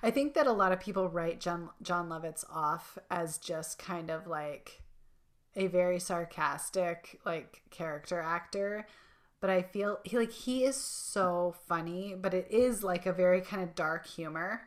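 A woman co-hosting a casual chat, lively and laughing as she quotes lines in playful voices. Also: lowish voice, a little slow. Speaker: podcast co-host.

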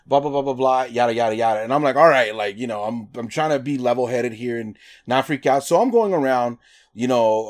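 In a medium-pitched voice, a man from Nevada recounts a story casually, animated and profane, performing the quotes and using "like" constantly.

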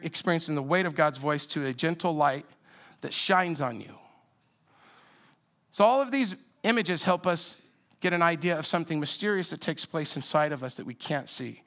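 A man's voice: fairly high pitch, fairly bright tone. A man preaching a sermon in a conversational, reflective way with frequent restarts. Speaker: pastor.

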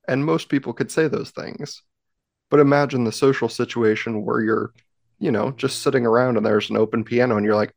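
A man's voice: mid-range voice, a little fast, vocal fry, no room sound, studio quality. A man hosting a podcast interview, friendly and joking, poking fun at himself. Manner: friendly, joking, self-deprecating. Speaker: podcast host.

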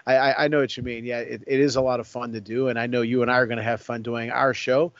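A man's voice: medium pitch, little pitch movement, fast talker, no room sound, lo-fi sound. A man hosting a podcast, talking conversationally and reeling off sponsor plugs. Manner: conversational, reels off sponsor plugs and phone numbers. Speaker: podcast host. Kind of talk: interview hosting and sponsor reads.

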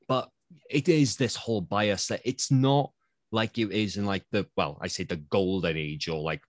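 A man's voice: moderate pace, dry recording, studio quality. A man hosting a casual podcast as an actor, chatting animatedly and acting out quoted voices. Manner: animated, acts out quoted voices with big pitch jumps.

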